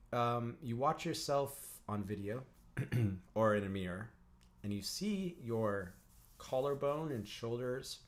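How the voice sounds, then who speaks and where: Didgeridoo teacher and counsellor, male, mid-pitched, calm and instructive, hosting a livestream lesson and chatting with viewers. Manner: calm, instructive, often clears his throat; chats with viewers in the live chat.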